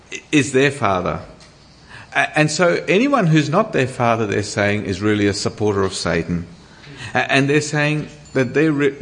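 A man's voice: medium pitch, fairly bright tone, slight background noise. A man preaching a sermon, asking rhetorical questions and often restarting his words with small stammers.

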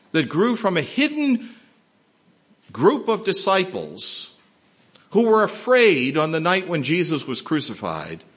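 A man's voice: a little high, a bit bright, husky. A man preaching a sermon, explaining a Bible passage with emphatic rhetorical questions. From not from Texas. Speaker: pastor.

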